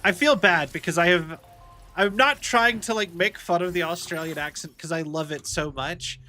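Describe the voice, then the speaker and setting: A man's voice: sits high, normal speed, sharp tone, faint music behind. A man streaming a video game, chatting casually, rambling and self-deprecating. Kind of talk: casual gameplay commentary.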